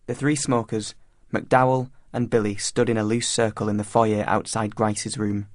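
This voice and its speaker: A man reading a story aloud in a measured, plain narration. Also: lowish voice, level tone, no echo, clean studio sound. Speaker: audiobook reader. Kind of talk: scripted narration.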